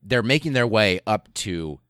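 Deep-voiced man telling history casually. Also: unhurried, smooth, dry recording, studio quality. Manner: profane, animated, laughs while telling. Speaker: podcast host.

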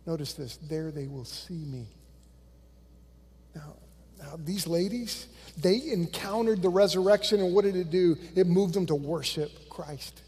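A male pastor preaching a sermon, animated and conversational, swinging from loud bursts to hushed lines and acting out quotes in a church. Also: high-pitched, unhurried, husky, long reverb tail. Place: church sanctuary.

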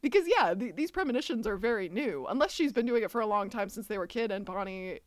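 A woman's voice: mid-range voice, animated, fast talker, dry recording, studio quality. A woman co-hosting a casual podcast, giving opinions on a TV episode, quoting scenes in mock dialogue and laughing often. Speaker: podcast co-host. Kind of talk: casual chat recapping a TV episode. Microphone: remote call setup, each on own end.

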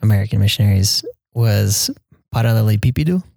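A young man talking casually as an interview guest about his mission, hesitant, with many pauses and fillers. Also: lowish voice, gravelly, no echo. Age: young adult. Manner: soft-spoken, hesitant with many ums, quotes people in a raised voice.

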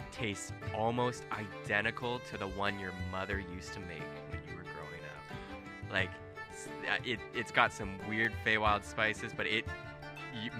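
A man narrating a tabletop role-playing game as game master, casual and rambling, with frequent laughs. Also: on the low side.

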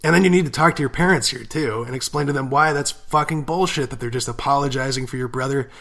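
A man with a bright, forceful voice co-hosting a casual podcast. He reads listener letters with lively emphasis and swears freely as he reacts. His pitch sits in the middle range for a man. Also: quick pace, vocal fry. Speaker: podcast co-host.

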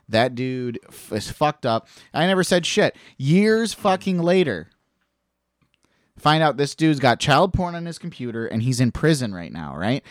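A man's voice: medium pitch, measured pace, no room sound, clean studio sound. A man telling a personal story in a casual podcast chat, swearing freely and acting out the people he quotes. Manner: animated, swearing, acts out quoted voices.

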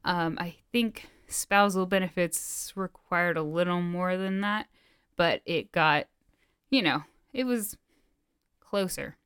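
A rambling, breathless woman chats casually on a podcast. Her voice is low-pitched for a woman and very smooth. The sound is dry and close. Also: slow pace, a bit bright, no room sound. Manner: rambling with many fillers. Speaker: podcast co-host.

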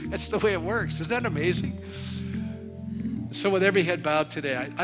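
A man preaching as a pastor, earnest and pleading, repeating phrases as he leads an altar call. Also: fairly high pitch. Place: church sanctuary. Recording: loud music under the voice. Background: music.

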